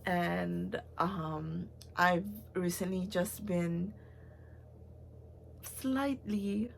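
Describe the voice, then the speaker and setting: A young woman records a rambling, heartfelt personal vlog full of fillers and restarts, sometimes nearly in tears. Her lowish voice has vocal fry, with a bit of hiss or hum in the recording.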